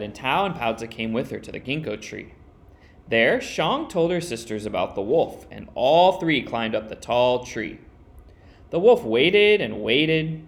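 A man reading a children's picture book aloud as storyteller, expressive and with dramatic pauses. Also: a little high.

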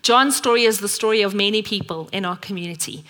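A South African woman preaches a sermon in a church, earnest and story-driven, slipping into voices for the people she describes. Her voice is bright and forward, at an everyday pitch. The sound carries a long reverb from the hall. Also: quick pace.

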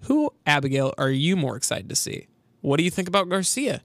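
A man's voice: on the high side, very animated, brisk, a bit bright, no echo. A young man co-hosting a college sports radio show in casual chat, rambling through stories with lots of fillers. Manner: rambling storyteller, full of fillers.

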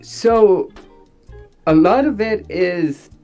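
A man who is an actor and director, talking in a rambling, animated way with many fillers. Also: sits high, drawn-out words, soft background music. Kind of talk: casual interview talk.

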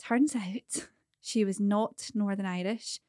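Woman podcast co-host, animated gossipy storyteller, dry close mic. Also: mid-range voice, slow pace, dry recording. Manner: animated storyteller, chatty, laughing often. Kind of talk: casual chat.

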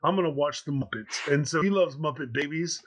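A man's voice: a little high, fairly quick, a bit bright, husky. A man in his thirties hosting a podcast, telling a rambling story in casual chat with plenty of fillers. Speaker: podcast host.

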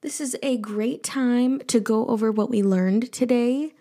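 A woman's voice: a little high, a little slow, dark tone, soft background music. A woman hosting an advice show, casually answering listener questions in a playful, teasing way with jokey asides. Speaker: advice podcast host.

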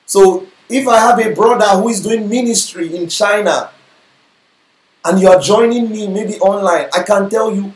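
A man's voice: sits high, normal speed. A man preaching a sermon, often checking in with the congregation with questions like whether they follow him. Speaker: pastor. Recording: echoey room.

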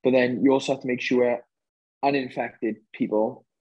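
A man's voice: mid-range voice, fairly even intonation, moderate pace, dull audio, slight background noise. A Welsh man chatting casually as a guest, rambling with many hesitations. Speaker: guest, UFC fighter. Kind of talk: casual chat.

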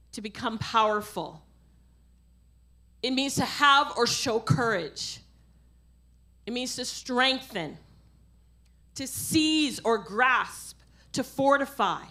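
A middle-aged woman preaching a sermon, impassioned, swinging from quiet asides to loud exhortation. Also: fairly high pitch. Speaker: pastor.

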